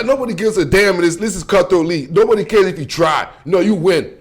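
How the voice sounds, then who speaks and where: A man with a notably high voice delivers a casual sports rant straight to camera. He talks bluntly and with heat, using loose slang and repeating filler like "man" and "bro" at the end of lines. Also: quick pace. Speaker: football commentator.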